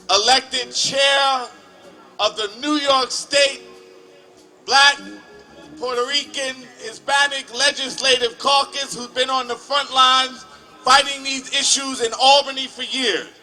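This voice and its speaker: A man acting as emcee at a protest rally, building up to a shouted introduction of the next speaker. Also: very high-pitched, steady tone, takes it slowly, soft background music.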